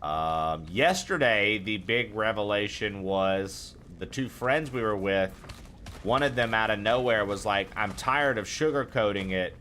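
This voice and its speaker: A man's voice: lowish voice, a little slow, pushed and bright, a little hiss or hum. A man streaming a horror game, chatting casually with viewers, rambling and swearing freely. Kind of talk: casual gaming stream chat.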